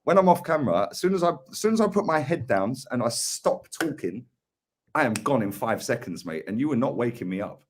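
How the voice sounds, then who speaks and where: Very animated and brisk, a mid-range male voice comes through with a slight hiss or hum. He's an English co-host of a football live stream, a chatty storyteller in casual conversation who ends sentences with "yeah" and "mate."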